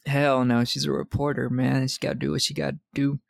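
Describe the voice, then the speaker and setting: A man's voice: mid-range voice, flat delivery, a little fast, gravelly, no echo. A man in his twenties recapping a film on a podcast in casual, profane chat, laughing often. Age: 20s.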